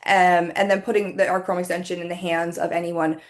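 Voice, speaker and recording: A woman presenting a webinar over a video call, talking conversationally with frequent ums, her voice starting to go hoarse. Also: fairly low pitch, flat delivery, fairly quick. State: voice going hoarse, coughing.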